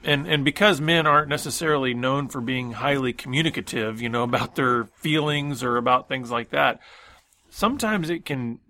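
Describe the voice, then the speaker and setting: A man's voice: mid-range voice, normal speed, bright, forceful tone. A man co-hosting a Christian radio talk show, speaking in an earnest, reflective way. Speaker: radio co-host.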